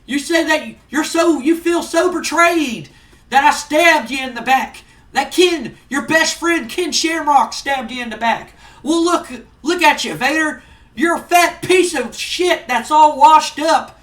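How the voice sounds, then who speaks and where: A man putting on the voice of a loud, gloating male wrestling manager who taunts and sneers. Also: extremely high pitch, unhurried, recorded from a distance, voice pushed up. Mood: gloating, taunting. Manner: taunting, sneering, shouting insults. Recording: roomy, off-mic.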